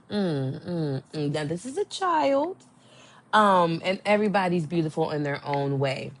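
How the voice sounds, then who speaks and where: A young adult woman hosting a podcast, chatting casually and gossiping with animated, swooping exclamations. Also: on the low side, unhurried. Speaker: podcast host. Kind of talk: casual chat.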